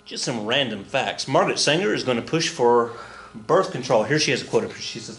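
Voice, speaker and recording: Animated male history teacher. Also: mid-range voice, a little fast, echoey room. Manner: animated, jokey, acts out voices and counts dance steps. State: out of breath. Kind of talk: recorded classroom lecture.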